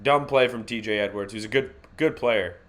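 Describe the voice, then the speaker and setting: A man hosting a live fan reaction stream, calling the game play by play in a casual, wisecracking way with slang and quick self-corrections. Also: on the low side, a bit bright.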